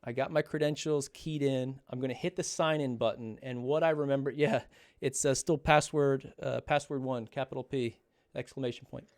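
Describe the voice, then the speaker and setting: A man's voice: medium pitch, fairly even intonation, normal speed, darkish tone. A man talking casually on a livestream, nervous and jittery, narrating what he does while speaking to his family off-mic. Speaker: streamer revealing exam results.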